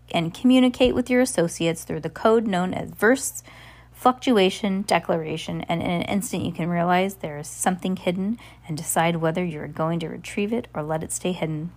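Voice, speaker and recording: Brief: woman reading a novel aloud, lowish voice, frequent slips and restarts. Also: moderate pace, darkish tone. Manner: stumbles and restarts often. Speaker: audiobook reader.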